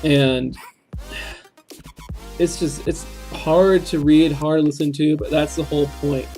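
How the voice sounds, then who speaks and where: A man's voice: fairly high pitch, fairly even intonation, unhurried, warm tone, soft background music. A young man hosting a reaction video, talking through song lyrics in an earnest, reflective way with many ums. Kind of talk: casual spoken commentary on song lyrics.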